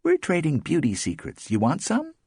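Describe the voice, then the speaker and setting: A man voicing Tiger, a blunt, teasing woman friend, in a high, pushed voice. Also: wildly swooping pitch, normal speed, a little mellow, husky, no room sound, studio quality, heavily acted. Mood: brassy.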